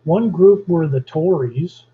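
Slow, husky-voiced man lecturing. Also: a little high, phone-quality sound. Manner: slow, deliberate, with pauses and fillers. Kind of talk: history lecture.

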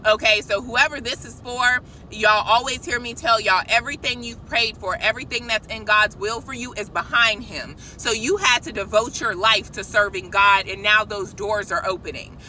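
A woman giving an excited, preachy spiritual message to her viewers from a parked car, calling them y'all. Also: mid-range voice, moderate pace, hardly any pauses, a little hiss or hum, low-quality recording. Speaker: christian vlogger. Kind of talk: casual spiritual vlog. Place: parked car outside a shop.

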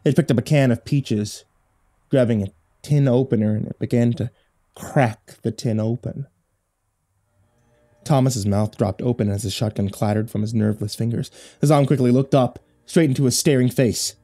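A man's voice: mid-range voice, dark tone. Man narrating a horror story. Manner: measured, dramatic storytelling.

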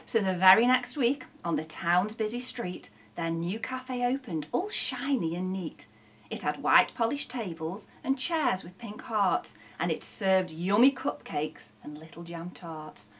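A woman's voice: medium pitch, animated, unhurried, fairly bright tone, slightly rough. A woman, a teacher reading a rhyming children's book aloud in a sing-song storytelling manner.

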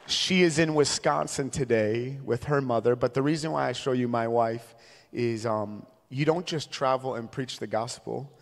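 A Minnesota man in his thirties, a traveling evangelist, preaches a sermon full of humorous, conversational storytelling. His mid-range voice has vocal fry, and the large church sanctuary gives the recording a long reverb.

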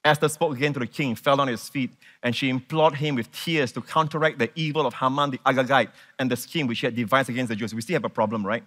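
A man preaching a sermon to a congregation, animated and emphatic, repeating words and putting questions to his listeners. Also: mid-range voice, fast, few pauses. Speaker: pastor.

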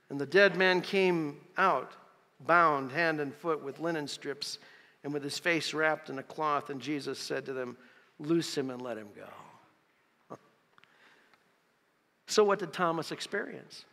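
A man's voice: fairly high pitch, unhurried, sharp tone, in a large hall. A man preaching a sermon as pastor, reading scripture with emphatic, dramatic delivery. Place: church sanctuary.

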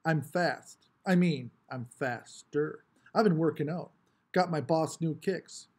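A man's voice: a little high, slow, darkish tone, slightly rough. A man voicing a cocky, taunting teenage boy who talks in swaggering slang.

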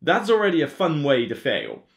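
A man's voice: a little high, moderate pace, vocal fry. A man with a Somerset English accent, talking casually to camera as a board game video host, ranting with lots of fillers. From England (Somerset). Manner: animated, rant-like, with many fillers.

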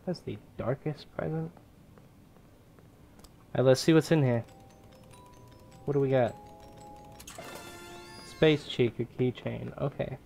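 A man's voice: mid-range voice, slow, vocal fry, long pauses, faint music behind. Rambling young man doing game commentary. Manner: rambling, excitable, swears casually. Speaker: gaming YouTuber. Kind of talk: casual gameplay commentary.

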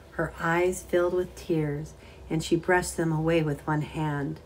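A woman reading a children's novel aloud in a steady, even storytelling manner. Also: sits low, unhurried, a little hiss or hum. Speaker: audiobook reader.

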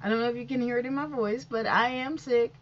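A woman's voice: on the high side, fairly even intonation, fast, dull audio, slight background noise. A woman vlogger, sick and stuffy-nosed, giving dramatic, sassy celebrity gossip commentary and talking back to people who aren't there.

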